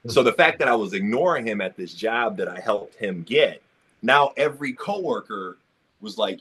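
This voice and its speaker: A man's voice: medium pitch, animated, normal speed, a bit bright, breathy edge. A man on a discussion panel telling a personal story, acting out the quotes and speaking in casual slang. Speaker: roundtable panelist.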